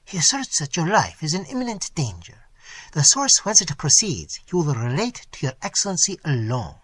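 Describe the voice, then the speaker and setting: A man reading an audiobook and voicing an agitated male servant who speaks in a hushed, deferential, urgent way. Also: a little high, huge pitch swings, moderate pace, slightly rough, exaggerated voice. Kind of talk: audiobook character voice.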